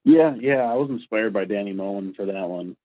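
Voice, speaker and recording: A man's voice: lowish voice, a little fast. A man, a guest in a casual interview, telling rambling stories with stammers and restarts. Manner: rambling, stammering anecdotes with acted-out quotes. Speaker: guest, former prank video maker. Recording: tinny phone-like audio.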